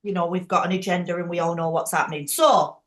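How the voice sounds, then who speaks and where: A woman leading a group call, chatty and frank, quick to laugh. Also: lowish voice, steady tone, reverberant. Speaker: team leader hosting a group call. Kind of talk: casual chat.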